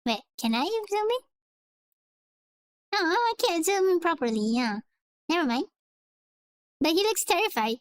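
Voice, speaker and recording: High-voiced woman reading comics aloud. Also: big pitch swings, a little slow, pauses often, dry recording. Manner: playful, chatty asides between acted lines. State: voice getting tired. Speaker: comic reader. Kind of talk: casual comic read-along with character voices.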